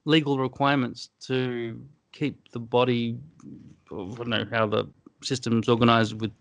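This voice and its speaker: Male podcast co-host, mid-pitched, jokey and crude, does silly impressions. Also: level tone, measured pace, no echo, lo-fi sound. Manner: jokey, swears, mimics accents. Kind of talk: casual banter.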